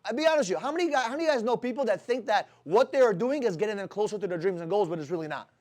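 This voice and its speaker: A high-pitched man talks at a rapid clip, coaching his sales team. He is blunt and swears constantly, throwing rhetorical questions at the people in front of him. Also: animated, darkish tone. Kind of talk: motivational talk to his team.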